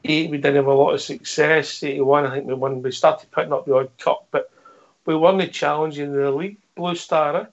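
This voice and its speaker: Host, bantering, fairly high voice, lo-fi sound. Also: male voice, fairly even intonation, fairly quick. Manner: chatty, bantering. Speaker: radio show host. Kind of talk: casual fan chat. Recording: dull lo-fi sound.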